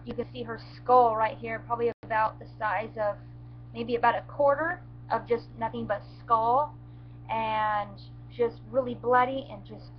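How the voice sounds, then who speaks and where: A woman telling how she rescued her injured baby goat, in a halting, emotional way with many restarts and near tears. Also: on the high side, muffled recording, slight background noise. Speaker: goat owner telling what happened. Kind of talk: emotional first-person storytelling.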